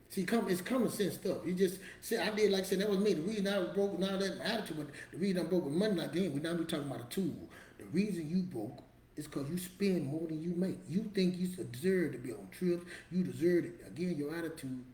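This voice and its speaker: A man's voice: on the high side, fairly quick, a little mellow, reverberant. A man giving a motivational talk to camera in a preachy, emphatic, street-casual storytelling manner. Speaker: motivational vlogger.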